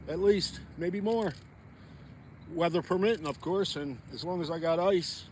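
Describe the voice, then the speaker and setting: This fishing vlogger's voice sits high and a little mellow as he speaks directly to his audience from a frozen lake. He's chatty and folksy, keeping the vlog talk casual, and there's slight noise behind him.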